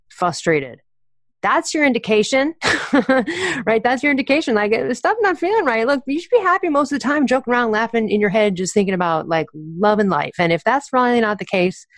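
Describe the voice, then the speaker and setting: A woman's voice: on the low side, no echo, studio quality. A woman speaking as an author and coach in a casual podcast conversation, candid and chatty, with slang and laughs as she talks.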